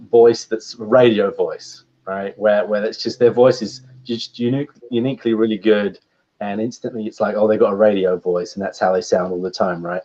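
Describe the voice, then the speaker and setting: A man, a guest voice actor, chatting in a relaxed, rambling way on a livestream call, laughing often. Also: fairly low pitch. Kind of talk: casual livestream chat. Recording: dull lo-fi stream audio.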